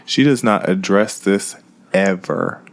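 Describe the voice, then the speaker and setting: A young man co-hosting a podcast, telling a story in a casual, animated way. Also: slow, vocal fry. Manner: animated storyteller, mimics others in a high voice. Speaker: podcast co-host.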